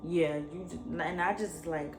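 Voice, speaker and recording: A young adult woman, telling a personal story in a slangy, animated way. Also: low voice, unhurried, slight background noise. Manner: animated, slangy retelling, acts out both sides. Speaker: vlogger. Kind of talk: casual storytime.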